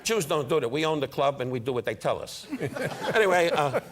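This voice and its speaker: A man's voice: on the high side, sing-song, brisk. An older man, a comedian guest on a talk show, teasing the host in brash insult-comic banter over studio audience noise.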